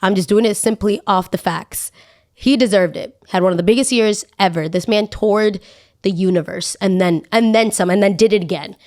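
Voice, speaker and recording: Young woman podcast host going off, casual rant, voice shoots way up when she's mad. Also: moderate pace. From Latina. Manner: animated ranting, jumps up high when outraged. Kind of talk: solo opinion podcast.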